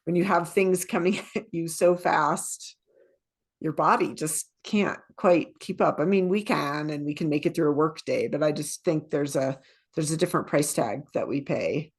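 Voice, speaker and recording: Middle-aged female co-host, lowish voice, candid and easygoing in conversation. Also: moderate pace, slightly rough. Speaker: podcast co-host and leadership trainer. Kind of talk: casual podcast conversation.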